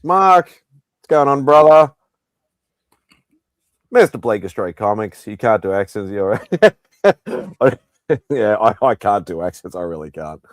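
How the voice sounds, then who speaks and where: A man hosting a casual live pop-culture chat. He speaks unhurriedly in a smooth, clear voice that sounds dry and close. He greets viewers by name and chuckles between lines. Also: on the low side, expressive, unhurried, long pauses, no room sound. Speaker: host.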